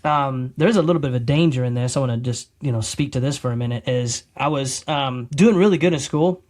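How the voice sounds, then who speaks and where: Speaking fairly quickly in a mid-range voice, a middle-aged man appears as a podcast guest to tell his testimony. He rambles casually with plenty of restarts, animatedly performing his own quoted words.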